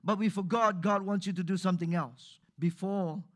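A man's voice: sits high, steady tone, moderate pace, a bit bright. A man preaching a sermon to a live congregation in church, talking conversationally and putting questions straight to his listeners.

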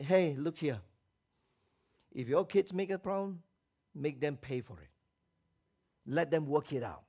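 A man preaching with a high, raised voice. He is emphatic, calls on the congregation to answer him, and mocks the voices of others as he goes. His delivery swings between loud exhortation and low, quiet asides. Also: lively intonation, takes it slowly, pauses often. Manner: acts out quoted voices with mocking tones. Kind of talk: sermon.

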